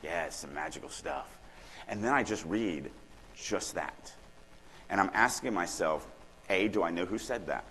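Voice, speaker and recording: A middle-aged man from Louisiana teaches a room of writers in a loose, lively way, dropping into quick acted-out lines to make a point. His voice sits fairly low and carries the long ring of a large hall, with faint room noise underneath. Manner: casual, animated, acts out quoted lines. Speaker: writing workshop speaker. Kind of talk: conference talk on craft. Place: conference hall.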